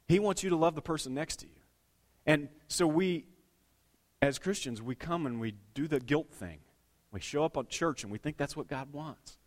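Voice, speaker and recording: Animated middle-aged male pastor, fairly high voice. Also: moderate pace. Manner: animated storytelling with wide swings between hushed and loud. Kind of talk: sermon.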